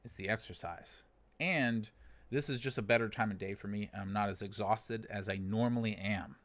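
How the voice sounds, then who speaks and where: An American man in his thirties hosts a laid-back livestream, answering viewer comments in a rather low voice. His humor is dry and sarcastic, broken up by short chuckles. The sound is close and dry, with no room echo. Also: normal speed, a bit bright. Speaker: livestream host. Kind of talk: casual livestream chat reading viewer comments. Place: living in China.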